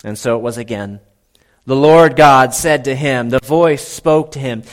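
A male pastor preaching a sermon, telling the story dramatically with big swings between loud and hushed. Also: medium pitch, unhurried.

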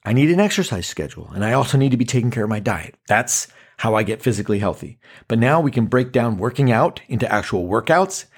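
A man in his forties hosting a casual monologue podcast, animated and self-mocking, acting out quotes with dramatic swings. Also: mid-range voice, fast, breathy edge. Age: 40s. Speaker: podcast host.

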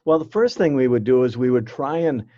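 A man's voice: medium pitch, lively intonation, fairly quick, no room sound. A man in an interview, recounting his outreach work earnestly, often repeating words and acting out the voices he quotes. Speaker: interview guest, former youth outreach worker. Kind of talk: candid interview storytelling. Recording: slightly dull, dry sound.

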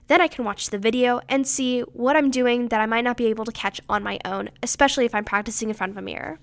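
A woman's voice: fairly high pitch, steady tone, fast talker. A teenage girl giving upbeat, instructive pageant advice in a scripted talk, stressing her dos and don'ts. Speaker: pageant contestant giving tips.

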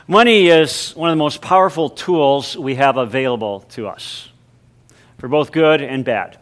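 A male pastor giving a sermon, moving from a hushed, reverent prayer into emphatic preaching with deliberate, drawn-out stresses. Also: mid-range voice. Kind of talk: spoken prayer.

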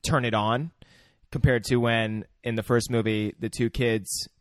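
A young man co-hosting a movie podcast over an internet call, relaxed, swearing and chiming in with short agreements. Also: mid-range voice, unhurried, no echo. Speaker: podcast co-host. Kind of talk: casual movie recap chat. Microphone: remote call mic, dry sound.

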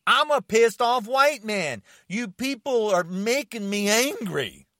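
A man delivering an angry, confrontational rant to camera, shouting and challenging his listeners. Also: high-pitched, lively intonation, slow pace, no echo, clean studio sound.

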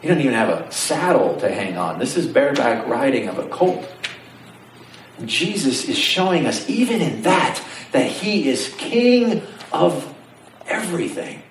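A man preaching a sermon, telling the story with animated energy and asking his congregation questions. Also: medium pitch, unhurried, background noise. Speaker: pastor. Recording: roomy sound from some distance, faint ambience.

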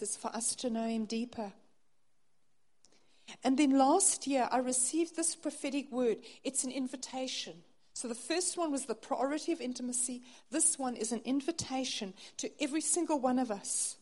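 Earnest lady preacher w/ a high, warm voice, goes quiet and soft on the tender bits. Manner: earnest, softening to near-hush on intimate phrases. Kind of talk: sermon.

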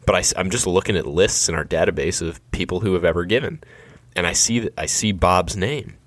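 A man in his thirties recounts a fundraising story in a relaxed, self-deprecating way. His voice is low, and the sound is dry and close with no room around it. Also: brisk, no echo. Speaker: nonprofit fundraiser. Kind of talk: anecdotal storytelling.

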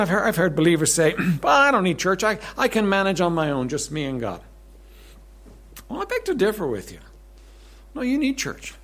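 A man preaching a sermon as pastor, conversational, repeating words and clearing his throat often, swinging between emphatic lines and soft asides. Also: sits high.

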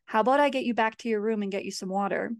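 A woman voicing a worried young man with a broken leg, speaking in hushed tones in a first-person horror story. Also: mid-range voice, rapid-fire, gravelly, dry recording, clean studio sound, lightly acted.

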